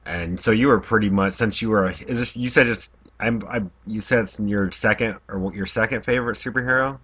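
A man's voice: on the low side, a little fast, breathy edge. A man co-hosting a podcast, chatting casually about movies and asking follow-up questions. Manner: relaxed, asks follow-up questions, laughs easily. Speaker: podcast co-host.

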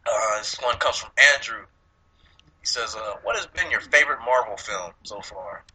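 A man's voice: lowish voice, normal speed, rough recording. A man co-hosting a podcast, chatting casually about movies with lots of profanity and laughter. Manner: profane, laughing, animated storytelling. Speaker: podcast co-host.

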